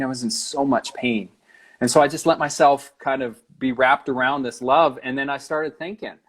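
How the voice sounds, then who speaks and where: A man's voice: medium pitch, fairly bright tone. A young man, an interview guest, earnestly recounting a personal story in heartfelt testimony.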